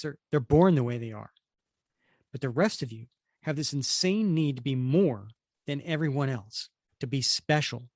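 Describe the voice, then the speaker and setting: A man's voice: mid-range voice, darkish tone, no room sound, studio quality, lightly acted. A man voicing a cold female villain delivering an accusing monologue. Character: cold anti-hero woman villain.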